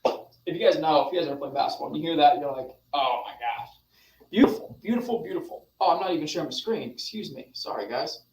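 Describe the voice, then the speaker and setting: A young adult man coaching a group over a video call, animated and demonstrative, talking straight to his listeners. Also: on the high side, quick pace, gravelly, roomy sound, distant mic, a little hiss or hum, rough recording. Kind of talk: motivational online session.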